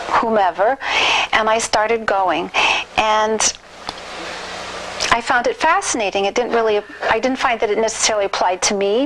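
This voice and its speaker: A middle-aged woman with a fairly high voice tells a personal story in an interview. She often stops, repeats words and restarts. Faint noise sits under her voice. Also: a bit bright, rough recording. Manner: acts out quoted voices animatedly. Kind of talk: oral history storytelling.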